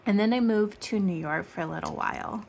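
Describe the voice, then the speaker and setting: A woman from Michigan hosting a casual budgeting vlog, chatting in rambling tangents and counting cash out loud. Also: mid-range voice, fairly quick, creaky, slight background noise. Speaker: budgeting channel host.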